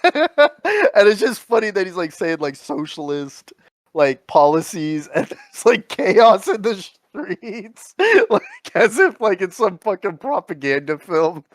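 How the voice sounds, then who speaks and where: A man's voice: high voice, big pitch swings, unhurried, no room sound. Rambling, laughing man in a dry room. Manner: rambling, laughing often, swearing, doing voices. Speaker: podcast co-host. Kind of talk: casual comedic chat.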